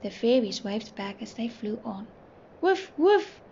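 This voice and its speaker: A woman teacher reading a storybook aloud to toddlers, gentle and clear. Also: medium pitch, flat delivery. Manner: gentle, slow, clearly sounding out words. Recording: muffled, faint hiss.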